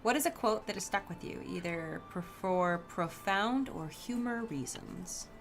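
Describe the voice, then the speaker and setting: A woman's voice: mid-range voice, expressive, a little slow, soft background music. A woman co-hosting a casual livestream Q&A, reading out questions in a brief, matter-of-fact way.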